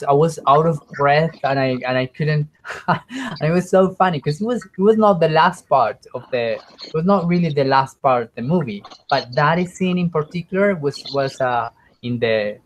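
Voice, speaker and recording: A man's voice: a little high, normal speed, slight background noise, poor audio. Hesitant man practicing spoken English. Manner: hesitant, many restarts and searching for words. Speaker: English student. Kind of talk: casual conversation practice.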